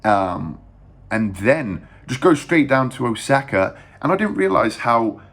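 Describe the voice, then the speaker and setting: A young English man telling a story to camera in a casual, rambling and crude way, talking fast with lots of fillers and restarts. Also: medium pitch, sing-song, fairly bright tone. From England. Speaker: vlogger.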